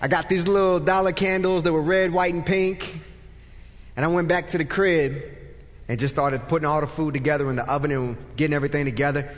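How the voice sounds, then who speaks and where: A man in his forties with a high voice shares a faith testimony, telling it as a vivid story that swings from loud and excited to soft and hushed. His voice rings out with a long reverb, as in a large hall. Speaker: speaker telling a personal testimony.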